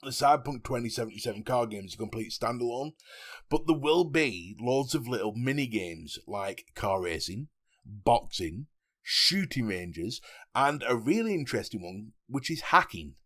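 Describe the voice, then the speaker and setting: A man co-hosting a casual gaming podcast. His pitch swings up and down as he jokes, and he laughs often. He keeps the talk loose and chatty. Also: normal speed. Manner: animated, laughs often, jokey. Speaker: podcast co-host.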